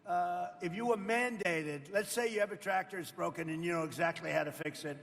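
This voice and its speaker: At an indoor farmers' roundtable, an aging president gives a boastful, meandering, unscripted speech and keeps turning to the crowd with casual asides. His voice sits high and runs a little fast, gravelly and fairly bright, with a big-room sound.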